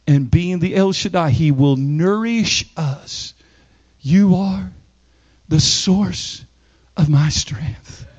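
A male preacher delivers a rousing sermon in a notably high voice. He swings from slow, hushed stretches to loud, rising shouts and leads the congregation in call and response. The recording sounds dull and lo-fi. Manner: calls on the congregation to repeat and respond. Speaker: pastor.

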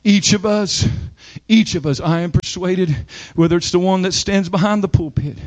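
A man preaching a sermon, moving from slow, low passages to loud, shouted climaxes and calling on the congregation to answer him. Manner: calls on the congregation to repeat and respond. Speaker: pastor.

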